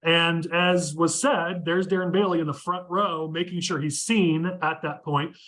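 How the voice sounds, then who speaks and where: A man hosting a casual political discussion podcast, talking quickly and steering the conversation with firm opinions. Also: on the high side, steady tone, a bit bright. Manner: quick, opinionated, leads the talk. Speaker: podcast host.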